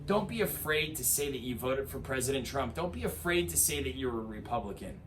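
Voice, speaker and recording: A man's voice: fairly high pitch, big pitch swings, normal speed, fairly bright tone, slight background noise. A man giving an impassioned political address, rousing and emphatic, with rhetorical lists and repeated calls to action. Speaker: political commentator.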